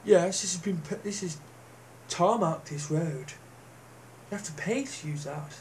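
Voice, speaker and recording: A man mimicking a stern male official who quietly insists on payment for road use. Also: sits high, a little slow, a little hiss or hum. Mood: officious.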